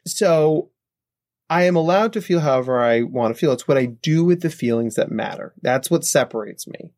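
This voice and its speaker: A man's voice: medium pitch, animated, a little fast, darkish tone, dry recording, clean studio sound. A man, a psychologist guest on a podcast, explaining his points and tagging them with "right?". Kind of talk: podcast interview answers. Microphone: podcast microphone.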